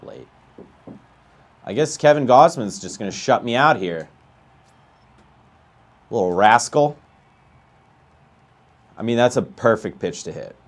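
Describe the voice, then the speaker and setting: Animated man streaming a baseball game. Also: slow pace, long pauses. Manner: animated, voice climbs high when outraged. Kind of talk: live gameplay commentary and chat.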